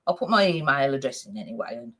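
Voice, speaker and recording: A woman helping on a live stream, talking briskly and practically. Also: extremely low pitch, sing-song, fairly bright tone. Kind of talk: casual live-stream chat.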